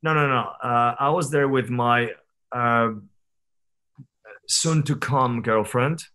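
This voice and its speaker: A man's voice: mid-range voice, slow pace, sharp tone, clear, resonant tone. Candid, rambling male podcast guest. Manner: candid, reflective storytelling with frequent fillers and restarts. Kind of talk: casual conversational interview.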